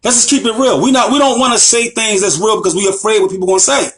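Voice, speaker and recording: An American man with a high, fairly bright voice speaks quickly and with fairly even intonation. He gives an impassioned lecture as an Islamic teacher, emphatic and repeating phrases while asking his listeners rhetorical questions.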